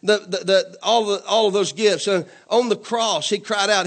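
Male preacher, high-pitched voice, call-and-response sermon style, repetitive and emphatic, church setting. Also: steady tone, normal speed, hardly any pauses. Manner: call-and-response preaching, asks congregation to say amen; repetitive, emphatic, rising to louder declarations.

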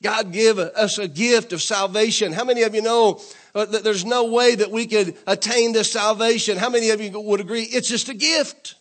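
High-voiced man preaching a sermon. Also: fairly even intonation, moderate pace. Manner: call-and-response preaching, asks congregation to say amen; repetitive, emphatic, rising to louder declarations. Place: church.

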